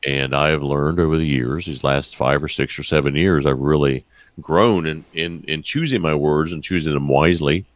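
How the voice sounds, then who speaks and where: A man with a very low voice, answering interview questions in short, direct remarks. The sound is dry and close-miked, with no trace of room echo. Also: normal speed. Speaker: guest writer. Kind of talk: casual interview chat.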